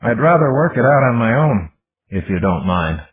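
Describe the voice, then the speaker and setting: Brief: man doing a childlike computer mind, raised and lively, slow wondering lines, tinny lo-fi audiobook recording. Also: medium pitch, slightly rough, voice pushed up. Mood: earnest. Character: young curious male computer intelligence.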